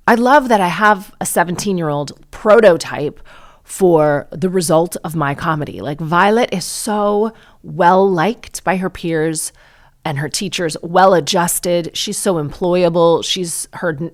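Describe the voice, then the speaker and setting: A woman in her forties hosting a podcast, telling casual stories with irreverent asides. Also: on the low side. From Canada. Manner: chatty, irreverent, quick asides. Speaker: podcast host. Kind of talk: casual storytelling monologue.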